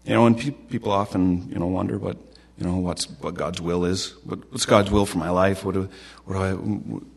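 Brief: deep-voiced man preaching in a conversational, halting way. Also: steady tone, creaky. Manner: halting, repeats and restarts phrases. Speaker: pastor. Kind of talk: casual sermon.

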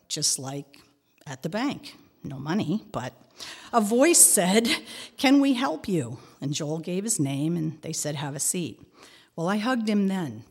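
A middle-aged woman telling a personal story in a prayerful, expressive way, sometimes dropping to a whisper. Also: low-pitched, long reverb tail. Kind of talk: devotional reflection and personal storytelling.

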